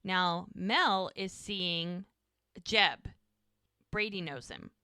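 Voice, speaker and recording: Bright-voiced woman podcast host. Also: lowish voice, extremely slow, clear, resonant tone, dry recording, clean studio sound. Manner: animated retelling, acting out characters' lines. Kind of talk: casual episode recap chat.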